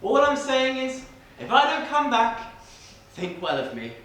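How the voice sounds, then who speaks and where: A man's voice: very high voice, wildly swooping pitch, unhurried, fairly bright tone, full character voice. A man playing a melodramatic bold adventurer. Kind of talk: stage pantomime acting. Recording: echoey hall from far off.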